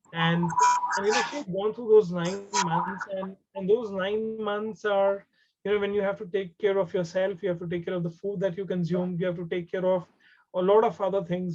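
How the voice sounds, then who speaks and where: A man's voice: high voice, darkish tone, slight background noise. A man with an Indian English accent tells a story during a webinar. He speaks in a conversational way, repeats words, and slips into Hindi. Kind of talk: storytelling talk. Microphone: video call. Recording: dull lo-fi video call audio.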